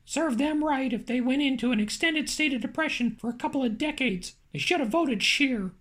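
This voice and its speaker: Brief: high-pitched woman, audiobook narrator, dry and wry delivery. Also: moderate pace.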